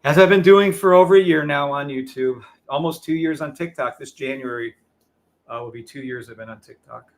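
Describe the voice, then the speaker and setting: A man hosting a live trading show, ranting in a loud, profane, combative way to his viewers. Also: a little high, a little fast. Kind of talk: heated livestream rant.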